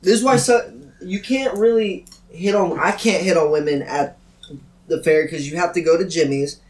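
A man's voice: high-pitched, moderate pace, roomy sound. A young man in casual chat with friends, making short blunt remarks.

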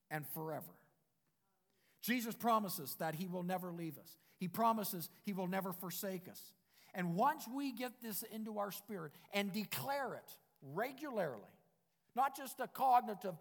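A man preaching a sermon as pastor, in an emphatic style that repeats declarations and builds to loud passages. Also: sits high. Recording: long reverb of a church hall.

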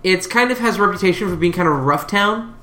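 A woman running a tabletop game for a podcast, explaining the setting in a relaxed, rambling way with many hesitations. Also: lowish voice, quick pace, echoey room. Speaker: game master.

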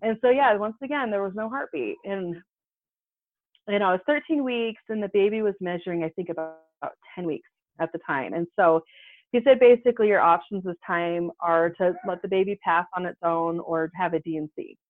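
A woman's voice: lowish voice, fairly quick, dry recording. A woman in her thirties, a podcast guest telling a personal story in casual talk, acting out the voices she quotes. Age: 30s. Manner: animated, acts out quoted voices. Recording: tinny phone-like line, dry.

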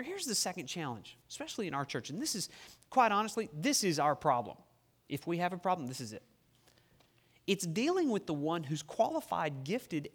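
High-voiced pastor preaching with long echo. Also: male voice. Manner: humorous, emphatic preaching with dramatic slowdowns. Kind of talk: sermon. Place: church sanctuary. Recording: long reverb of a church hall.

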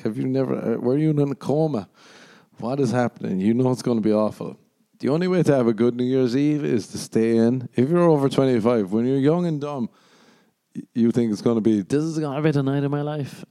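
A man's voice: medium pitch, warm tone, no echo. A man hosting a solo podcast, ranting casually with lots of swearing, sardonic asides and mocking put-on voices. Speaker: podcast host.

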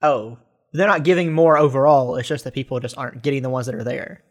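A man's voice: mid-range voice, steady tone, fast talker. A young man co-hosting a casual podcast chat, laughing easily and sounding exasperated and incredulous. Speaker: podcast co-host.

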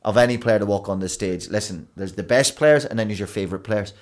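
A man, a broadcaster and DJ guest telling rambling, animated stories in a casual podcast chat. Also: fairly low pitch, fast talker. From Belfast, Northern Ireland. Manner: rambling, animated storytelling with restarts.

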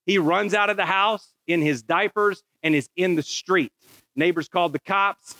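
A middle-aged man preaching a sermon built around a personal story. His voice is bright and forceful and sits a little high. He tells it in a folksy, storytelling way, acting out the dialogue himself. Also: normal speed, dry recording, poor audio. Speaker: pastor.

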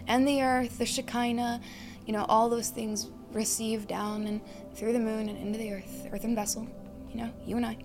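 A woman delivers a meditative sermon in a slightly high voice. She teaches by posing questions and listing ideas, and she sinks into a hushed tone on key phrases. Soft music plays faintly underneath. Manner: reflective, teaching with questions and lists. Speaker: preacher.

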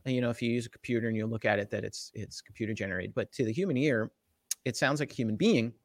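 A man's voice: medium pitch, quick pace, no room sound, studio quality. A man from the Jersey Shore with a New Jersey accent, explaining technology in a casual interview and often checking in with "right?". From Jersey Shore, USA. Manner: animated, lots of "right?" tag questions. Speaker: tech company guest.

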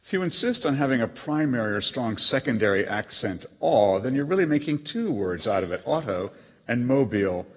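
An actor reading letters as a proud, witty émigré novelist, with a haughty, dryly teasing manner. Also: male voice, mid-range voice, very animated, brisk, few pauses, fairly bright tone. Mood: lecturing. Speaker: letter reader. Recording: long hall reverb.

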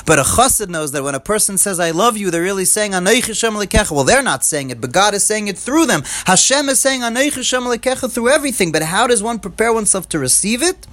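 High-voiced man teaching Torah texts. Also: animated, fast talker, hardly any pauses, a bit bright. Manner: switches between quoted Hebrew and English explanation, rising emphatic repeats. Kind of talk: Torah class explaining texts.

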